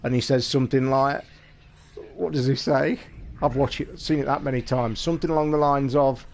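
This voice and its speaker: Male streamer, mid-pitched, casual gameplay chatter full of swearing, a faint hiss behind. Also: steady tone, normal speed, vocal fry, darkish tone. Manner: chatty, swears constantly, talks to chat. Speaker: live streamer. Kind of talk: casual live gameplay commentary.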